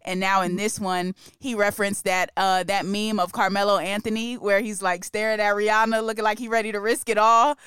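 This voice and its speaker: A man co-hosting a music news show, chatting casually in an animated, slang-filled way and laughing often. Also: high voice, fairly quick, hardly any pauses, clear, resonant tone, no echo, studio quality. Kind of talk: casual chat.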